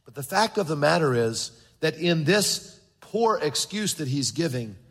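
A man's voice: on the high side, big pitch swings, measured pace, breathy edge. A man preaching a sermon as pastor of a church, earnestly repeating words as he goes and acting out the voices in the stories he tells. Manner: acts out quoted voices in storytelling. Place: large church sanctuary. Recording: long reverb of a large hall.

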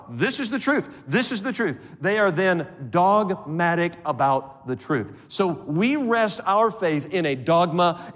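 A man preaching a sermon as pastor, animated and acting out little scenes for the congregation. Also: high-pitched. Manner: animated preaching with acted-out voices. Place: church sanctuary. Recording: long reverb of a church hall.

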